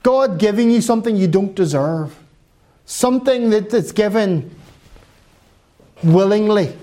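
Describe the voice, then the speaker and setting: A man's voice: sits high, expressive, measured pace, mellow. A pastor preaching a sermon to his congregation, earnestly exhorting and repeating phrases for emphasis.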